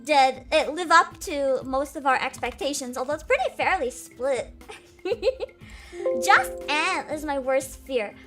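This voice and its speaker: A woman's voice: sits high, expressive, takes it slowly, music in the background. A woman streaming live as a VTuber, hyper and giggly, chatting casually, swearing freely and greeting viewers by name.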